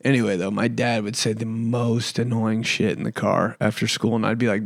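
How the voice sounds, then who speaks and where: A man's voice: medium pitch, fairly quick, creaky, hardly any pauses, no echo. Profane rambling young man, dry mic. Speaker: podcast host and comedian. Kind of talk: casual solo podcast chat.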